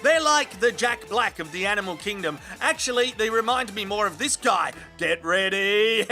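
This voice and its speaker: An energetic Australian man narrates animal clips with cheeky, sweary jokes. His voice is high and very bright, and faint music plays behind him. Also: moderate pace, hardly any pauses. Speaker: comedy video narrator.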